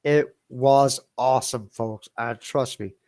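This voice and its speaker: Male stream host, slow and dry, rambling and animated, swears freely. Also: medium pitch, dry recording. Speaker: livestream host and DJ. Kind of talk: casual storytelling to viewers.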